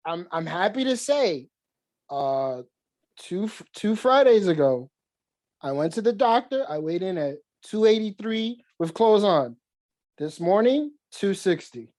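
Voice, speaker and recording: A man's voice: high voice, measured pace, no echo. A man co-hosting a casual podcast, telling stories with lots of swearing and laughter. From New York. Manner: animated storyteller, swears often, laughs mid-sentence. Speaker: podcast co-host.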